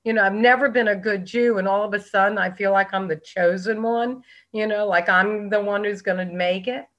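A woman's voice: mid-range voice, steady tone, normal speed, a bit bright, highs cut off. A middle-aged American woman giving a heartfelt, candid personal testimony to a meeting, with fillers and restarts. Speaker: recovery speaker.

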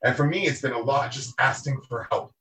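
A man's voice: mid-range voice, a little fast, bright, forceful tone. Earnest man speaking from a distance in an echoey room. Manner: earnest and reflective. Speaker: AA meeting member sharing. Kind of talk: personal recovery share.

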